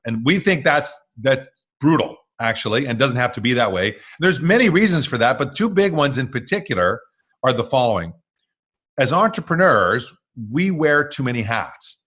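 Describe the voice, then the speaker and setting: A man's voice: medium pitch, expressive, moderate pace, a bit bright, slightly rough. A man hosting a live webinar masterclass, talking in an upbeat, jokey way with fillers. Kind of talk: energetic presenting.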